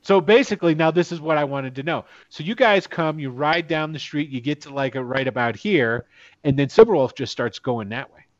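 Guy running a tabletop game, bit high, swears casually, muffled dry sound. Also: fairly quick, no room sound. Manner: animated, swearing, acts out orc guards. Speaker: game master.

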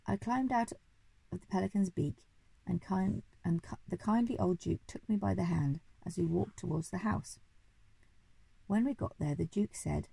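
A woman's voice: on the low side, moderate pace, gravelly, dark tone, slightly rough, no echo, low-quality recording. A woman reading a children's story aloud expressively, now and then correcting small slips.

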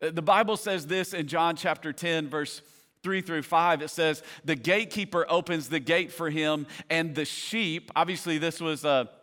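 Smooth-voiced pastor preaching with rising fervor. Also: male voice, a little high, moderate pace, bright, forceful tone. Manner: conversational, builds to passionate emphasis. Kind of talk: sermon.

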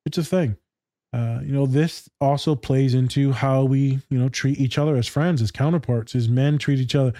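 A man's voice: mid-range voice, fairly even intonation, moderate pace, mellow, dry recording, clean studio sound. A man co-hosting a casual podcast chat as a therapist, talking candidly with swearing and laughter. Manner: candid, swearing, laughing, acts out quoted voices. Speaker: co-host, therapist.

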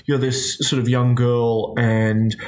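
A man's voice: mid-range voice, little pitch movement, takes it slowly, a little mellow. A man hosting a podcast, chatting casually and joking with some hesitation. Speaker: podcast host. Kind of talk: casual chat.

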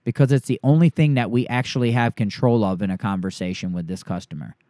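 A man coaches trainees through a sales script, switching into the pitch he gives a homeowner. His middle-pitched voice is warm and fast, and it sounds dry and close with no room around it.

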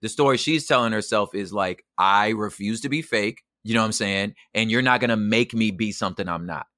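A middle-aged man telling a story as a podcast guest, slangy and animated, acting out both sides of an argument. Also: on the low side, fairly quick, no echo, clean studio sound. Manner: animated, slangy, acts out quotes. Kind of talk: casual storytelling.

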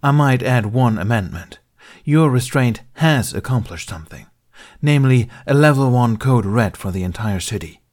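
A man's voice: medium pitch, lively intonation, normal speed, a little mellow, voice pushed up, natural voice. A man reading a fan fiction audiobook, voicing a stern, formal male Jedi master with cold, contemptuous authority.

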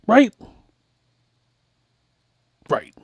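A man's voice: very slow, dry recording, studio quality. A man hosting a podcast, chatting casually and rambling through asides as he comments. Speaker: podcast host.

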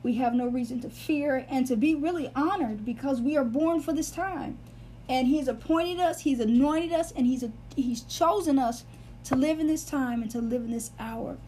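High-voiced woman teaching scripture. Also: normal speed, dark tone, slight background noise. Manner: earnest, explains Greek word meanings step by step; repeats phrases for emphasis. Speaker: Bible teacher. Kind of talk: Bible teaching episode.

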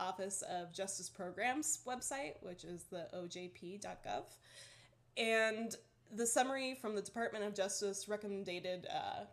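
A young woman co-hosting a podcast in casual chat, dry-mouthed from just waking up, talking with lots of "like" fillers and easy laughs. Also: medium pitch. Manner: chatty, many "like" fillers, laughs often. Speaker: podcast co-host.

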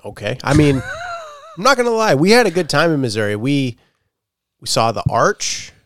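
A man's voice: a little high, normal speed, no room sound, clean studio sound. A young man with a Boston-area accent from Massachusetts, chatting casually and profanely over beers as a podcast co-host. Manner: animated, profane, laughing storyteller.

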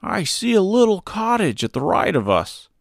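A man voicing a gentle, curious male scarecrow in a storybook reading, speaking slowly and thoughtfully. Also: high voice, huge pitch swings, vocal fry, no room sound, studio quality, voice pushed up, heavily acted. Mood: wondering. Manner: slow, wondering and thoughtful. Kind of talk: storybook character voice.

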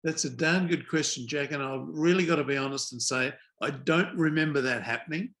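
A man's voice: a little high, fairly quick, a bit bright. An older man, a former umpire telling wry anecdotes as a guest in a casual interview.

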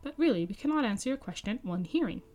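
A woman's voice: fairly high pitch, animated, fast, darkish tone, natural voice. A woman reading the lines of a haughty male elf who teases with condescending snark. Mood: teasing.

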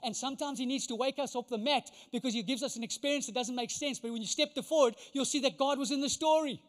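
A high-voiced pastor delivers a quick-paced sermon in a hall, preaching emphatically and posing rhetorical questions. The recording carries the long reverb of a large hall.

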